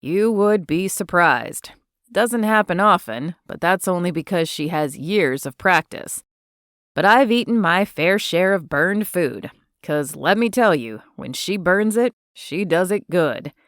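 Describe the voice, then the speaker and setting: Lady reading as a laid-back young cowboy guy, gentle, a bit lower, dry close sound. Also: unhurried, dry recording. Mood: easygoing. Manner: gentle, relaxed drawl-free talk. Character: young male cowboy, easygoing and affectionate. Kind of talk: audiobook character voice.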